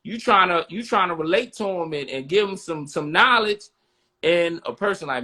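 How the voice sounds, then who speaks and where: A man's voice: high-pitched, expressive, moderate pace, sharp tone. A man co-hosting a podcast, talking bluntly in casual street slang and often asking "you know what I'm saying". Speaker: podcast co-host.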